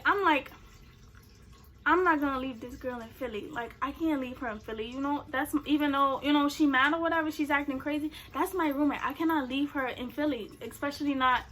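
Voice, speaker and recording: A woman's voice: high-pitched, moderate pace, a little hiss or hum. A young woman telling a personal story on her vlog, casual and profane, acting out what everyone said. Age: young adult. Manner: animated, profane, acts out quotes. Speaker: vlogger.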